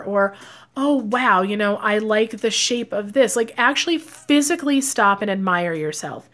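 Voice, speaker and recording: Woman with a higher voice chatting about self-confidence, lots of "um" and "like", acts out little quotes. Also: fairly bright tone. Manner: chatty, acts out quoted lines with filler words. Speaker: psychic and life coach. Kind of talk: casual advice talk to camera.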